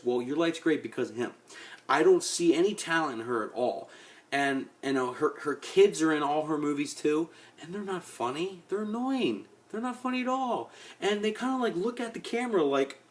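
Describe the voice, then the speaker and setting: A man's voice: a little high, moderate pace. A man ranting casually to his webcam about actors he dislikes, blunt and rambling, often repeating himself. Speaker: vlogger. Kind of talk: casual opinion rant.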